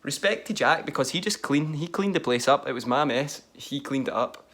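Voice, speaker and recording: A man's voice: fairly high pitch, lively intonation, normal speed, a bit bright. A young man telling a self-mocking story in casual style, often laughing. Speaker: vlogger.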